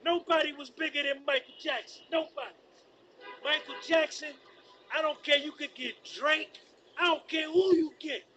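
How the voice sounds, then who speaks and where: A man rambles live to his viewers, repeating lines and singing bits. His voice sits very high and sharp. A faint hiss runs under it. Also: moderate pace, poor audio. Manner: animated, repetitive, sings snatches. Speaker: streamer. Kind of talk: rambling casual commentary.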